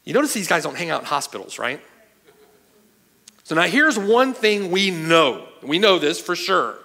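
Animated high-pitched man preaching a sermon. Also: normal speed. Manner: emphatic, asks the hearers "right?" and "okay?" often. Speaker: pastor. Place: church sanctuary.

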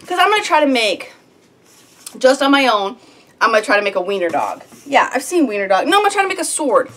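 A woman on her home farm chats to herself as she works, fretful and a little whiny. Her pitch leaps up and down, and it sits a bit higher than most women's. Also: very animated, fast talker, a bit bright. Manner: fretful, whiny, talks herself through tasks. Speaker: homesteading vlogger. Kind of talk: casual self-talk while crafting.

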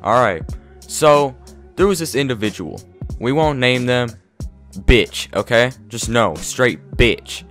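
A young man vlogger telling an animated, profane story in casual talk. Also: medium pitch, slow pace. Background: faint background music.

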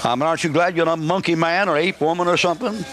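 A man's voice: a little high, steady tone, racing, a bit bright, faint music behind. A man preaching a live sermon at a church service, folksy and joking, rambling with restarts. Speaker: pastor.

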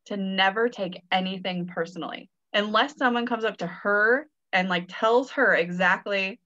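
A woman's voice: medium pitch, moderate pace, sharp tone, muffled recording. A woman co-hosting a podcast in casual chat, playful and teasing, laughing often. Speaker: podcast co-host.

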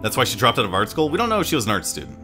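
A man's voice: medium pitch, huge pitch swings, racing, music in the background. A man streaming a game, chatting casually with his viewers in a joking, profane way. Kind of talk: casual gaming commentary.

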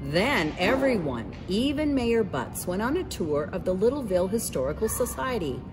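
Lively woman reading a picture book. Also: mid-range voice, moderate pace, music in the background. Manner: expressive, voices the characters. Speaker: teacher reading aloud. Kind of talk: picture book read-aloud.

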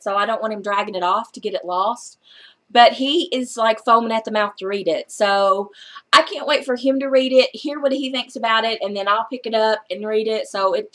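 A woman book vlogger chatting casually through her book haul, excitable and gushing, with some casual swearing. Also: on the high side.

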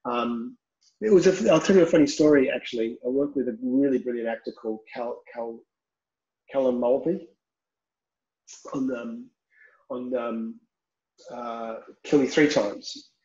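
A man's voice: medium pitch, a little slow, pauses often, dark tone. Frank man, roomy dull sound. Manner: frank and upfront, swears casually. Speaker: film director, guest. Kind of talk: candid interview talk. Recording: roomy, slightly dull recording.

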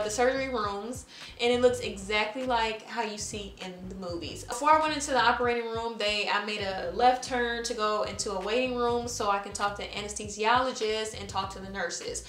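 A woman with a fairly high voice tells a personal story in a casual vlog. She is chatty and leans on fillers, slipping into her own past nervous words as she goes. Her voice rings a little in an echoey room. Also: a bit bright, a little hiss or hum.

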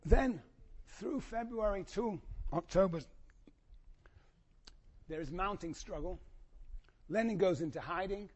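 A man past middle age lectures to a class in a hall. His voice sits fairly high and is wearing hoarse. He talks in an animated way, jumping up in pitch when he plays out what others said. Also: slow pace, long pauses. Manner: animated, acts out quotes with sudden high pitch. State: voice going hoarse. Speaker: university lecturer.

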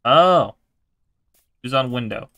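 A man's voice: medium pitch, lively intonation, slow, sharp tone, no room sound, studio quality. A young man giving casual, swearing let's-play commentary while he plays a game. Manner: chatty, swears casually, talks to himself. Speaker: gaming video creator.

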